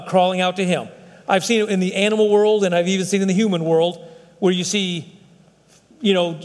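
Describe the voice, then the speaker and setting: A man's voice: high voice, big-room sound. A man preaching a sermon as pastor, in a folksy, conversational way with frequent restarts.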